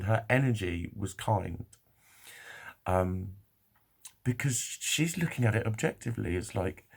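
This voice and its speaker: A man's voice: medium pitch, gravelly, breathy edge. A man telling a rambling personal story to camera, swearing often and laughing as he goes. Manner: swears freely, laughs often, animated retelling. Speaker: vlogger. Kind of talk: casual storytelling monologue.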